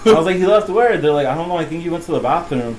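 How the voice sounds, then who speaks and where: A man's voice: a little high, racing, background noise. A young man hosting a podcast, telling a rambling, profane story full of laughter and "bro.". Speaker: podcast host. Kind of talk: casual storytelling chat.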